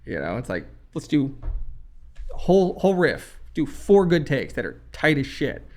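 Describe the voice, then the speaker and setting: Brief: profane, blunt male recording engineer on a podcast, voice sits a bit high for a man. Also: wildly swooping pitch, normal speed, darkish tone. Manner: blunt, emphatic, heavy swearing. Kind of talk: casual podcast chat.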